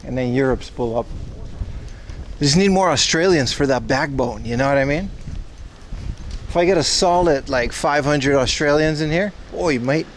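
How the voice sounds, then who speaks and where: A man's voice: on the high side, normal speed, long pauses, slight background noise. A man hosting a livestream outdoors, chatting loosely and joking back at his viewers as he walks. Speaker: livestream host. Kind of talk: rambling casual chat to viewers. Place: outdoors on city streets.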